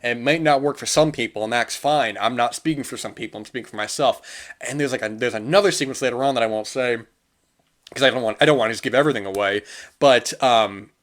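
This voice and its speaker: A man's voice: mid-range voice, quick pace, fairly bright tone. A man hosting a film podcast, talking through movies in a loose, earnest monologue full of restarts and fillers. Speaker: podcast host. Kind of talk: casual film review monologue.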